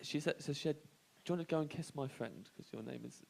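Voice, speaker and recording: A man's voice: a little high, quick pace, vocal fry, darkish tone. An English comedian telling a self-deprecating story on a radio show, laughing as he goes. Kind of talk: radio banter anecdote.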